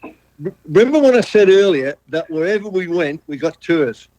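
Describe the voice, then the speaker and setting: A man's voice: high voice, animated, normal speed, darkish tone, low-quality recording. A man, a former national team footballer, emphatically reminiscing in casual chat.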